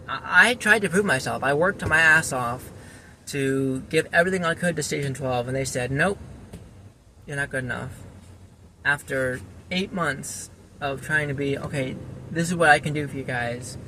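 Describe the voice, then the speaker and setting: Frustrated man with a bright, high voice. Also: slight background noise. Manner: frustrated, rambling with frequent restarts. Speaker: former volunteer firefighter and EMT. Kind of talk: casual personal vlog monologue.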